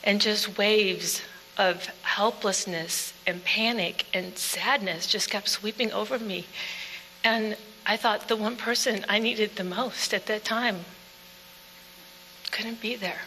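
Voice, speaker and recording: A woman giving an earnest personal testimony speech in plain storytelling, dropping to quiet passages. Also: medium pitch, steady tone, slow pace. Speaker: speaker telling her own story. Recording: echoey hall with faint hum.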